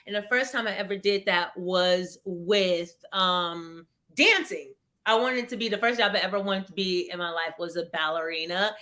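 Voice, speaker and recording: A woman's voice: mid-range voice, pushed and bright. A woman in her thirties telling a personal story in a live webinar, earnest and reflective, often restarting her sentences. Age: 30s. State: tearful at moments. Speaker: webinar guest.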